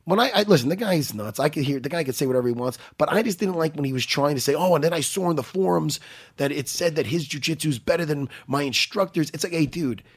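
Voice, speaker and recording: A man's voice: fairly high pitch, fast talker, husky. A middle-aged man in casual podcast chat, swearing freely and restarting his sentences. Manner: animated, swearing, restarts a lot. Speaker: podcast co-host.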